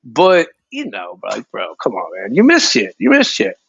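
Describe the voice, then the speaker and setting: A man's voice: sits high, huge pitch swings, moderate pace, vocal fry, fairly bright tone, slightly rough, no echo, lo-fi sound. A male co-host in casual fan-show talk, laid-back, swearing and full of fillers.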